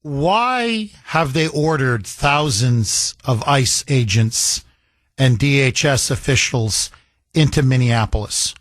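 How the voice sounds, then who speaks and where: A man's voice: mid-range voice, expressive, takes it slowly, fairly bright tone. A man hosting a political talk radio show, delivering a sarcastic, indignant monologue full of rhetorical questions and repetition. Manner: emphatic with repetition.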